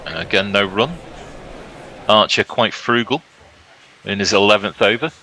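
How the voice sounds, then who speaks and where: A male cricket commentator giving brisk, upbeat ball-by-ball commentary and laughing easily. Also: lowish voice, bright, forceful tone, a little hiss or hum, low-quality recording.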